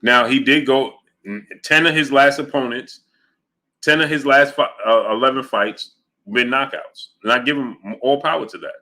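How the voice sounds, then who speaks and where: A man's voice: medium pitch, normal speed, pushed and bright. A man hosting a boxing livestream, arguing his points emphatically and repeating them while reading out viewer chat messages. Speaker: boxing show host.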